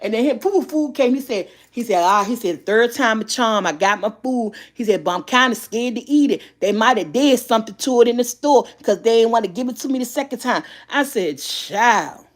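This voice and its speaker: A middle-aged woman vlogger telling a story in a casual chat, animated and often laughing. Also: fairly high pitch, a little fast, few pauses.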